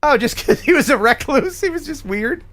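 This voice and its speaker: An older man hosting a live stream, joking and rambling with many halting restarts. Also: extremely high pitch, expressive, a bit bright. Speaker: host. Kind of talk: casual live-stream chat.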